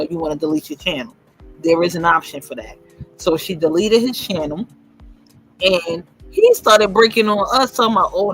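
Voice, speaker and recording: A man's voice: sits high, sharp tone, poor audio. A man hosting a casual livestream chat, gossipy and laughing often as he acts out what others said. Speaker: host.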